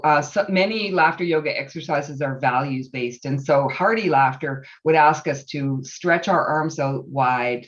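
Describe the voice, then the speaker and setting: A laughter yoga leader coaches a group through breathing and laughing exercises, encouraging and quick to laugh. The voice comes through a video call and sounds dull and muffled. It is also set back from the microphone. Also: medium pitch, fairly bright tone, recorded from a distance. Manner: encouraging, instructive, laughs easily.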